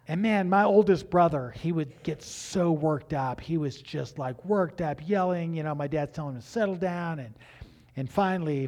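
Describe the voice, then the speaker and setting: A middle-aged man preaching as a pastor, telling family stories with halting restarts and acting out the dialogue. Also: a little high, gravelly. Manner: animated, acts out dialogue in raised voices; halting restarts and repeated words. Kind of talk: storytelling sermon.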